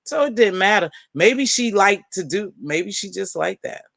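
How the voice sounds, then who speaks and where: A woman hosting a casual live-stream panel, chatting and gossiping in an animated way and calling out friends by name. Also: medium pitch, normal speed, creaky, no room sound. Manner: animated, talks straight to viewers and friends by name. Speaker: panel host.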